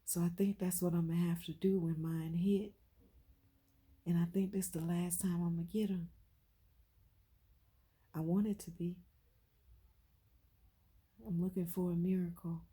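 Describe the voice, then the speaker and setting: Low husky woman talking from the heart. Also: flat delivery, measured pace, pauses often. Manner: heartfelt, swings from quiet to loud and emphatic, repeats phrases. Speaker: vlogger. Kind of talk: emotional personal vlog.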